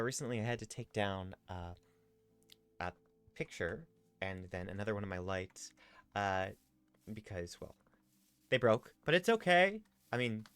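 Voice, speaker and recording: Playful, lively-voiced man streaming a game. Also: lowish voice, vocal fry, dry recording. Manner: playful, rambling, reads chat messages aloud. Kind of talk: casual live-stream chat and in-game role-play.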